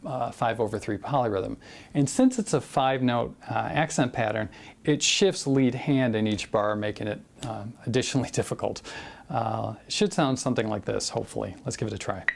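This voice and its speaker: A man teaching a drum exercise in a relaxed way, talking it through with many fillers and counting beats aloud. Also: medium pitch, vocal fry. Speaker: drum instructor. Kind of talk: casual drum lesson with counting.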